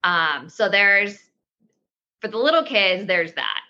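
Woman in her thirties, yoga teacher guest, rambling with restarts, crisp bright tone, dull lo-fi call audio. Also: mid-range voice, lively intonation, slow pace. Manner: rambling, with many restarts and ums. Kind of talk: casual interview talk.

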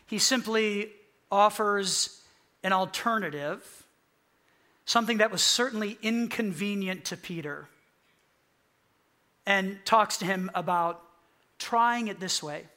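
A man preaching a sermon as a pastor, animated and acting out quoted lines with sarcasm. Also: high-pitched, takes it slowly, pauses often.

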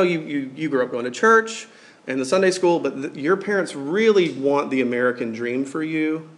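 Man, preacher, casual sermon, informal, chatty, mid-pitched voice. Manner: informal, filler-heavy, conversational.

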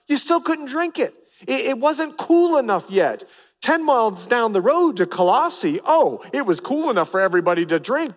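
A middle-aged man preaching a sermon as pastor, animated and acting out family voices. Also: very high-pitched. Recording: long reverb of a large hall.

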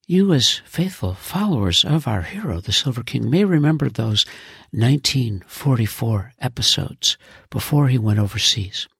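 Measured male narrator, raspy, dry close mic. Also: mid-range voice, animated, fairly bright tone, no echo. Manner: slow and measured. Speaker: writer and narrator. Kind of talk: scripted narration.

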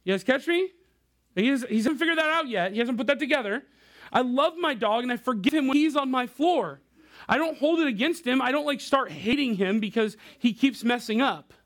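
Youth pastor type, thirties, man with a very high voice, chatty laid-back preaching. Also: expressive, brisk, a bit bright. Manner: casual, conversational preaching to a young crowd. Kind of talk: sermon.

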